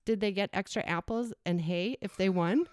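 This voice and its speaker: A woman in her forties reading a personal essay aloud in a reflective, measured way. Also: mid-range voice, darkish tone. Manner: reflective, measured reading with brief acted quotes. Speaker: storyteller.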